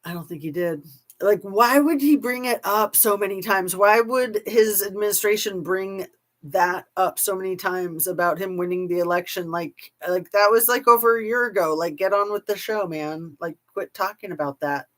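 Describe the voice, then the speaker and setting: A woman's voice: mid-range voice, moderate pace, a bit bright. A woman commentator chatting casually to her camera, with scornful asides. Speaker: YouTube commentator.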